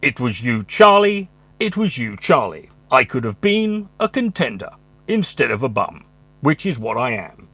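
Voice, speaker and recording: A man's voice: medium pitch, very animated, moderate pace, a bit bright, dry recording. A man putting on a pompous voiceover actor who reads his audition lines with overblown theatrical flair. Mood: hammy. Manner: grandiose, overly theatrical line reading.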